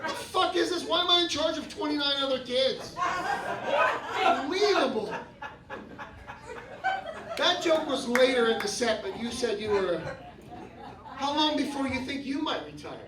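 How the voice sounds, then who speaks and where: A man's voice: very high voice, animated, normal speed, pauses often. A man in his fifties doing a profane stand-up set and trading jabs with the audience. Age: 50s. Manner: brash, profane, talks back to the audience. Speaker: stand-up comedian. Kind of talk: stand-up set with crowd work. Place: comedy club stage. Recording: echoey club from a distance, loud crowd laughter.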